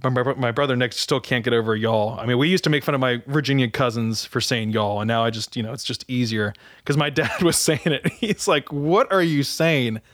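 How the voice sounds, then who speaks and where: A man from Maryland co-hosting a podcast in a radio studio, chatty and quick to laugh. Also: medium pitch, fairly bright tone, no room sound. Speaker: podcast co-host. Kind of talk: casual chat.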